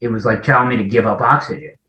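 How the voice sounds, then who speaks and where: A man in his forties sharing a personal recovery story in a conversation, talking haltingly, often restarting sentences and acting out remembered dialogue. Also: mid-range voice, steady tone, sharp tone. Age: 40s. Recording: echoey, muffled lo-fi audio.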